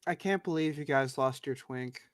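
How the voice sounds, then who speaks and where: A man's voice: mid-range voice, normal speed, no room sound, studio quality. A man joking around with friends at a tabletop game, teasing and laughing. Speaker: player. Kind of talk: casual joking chat.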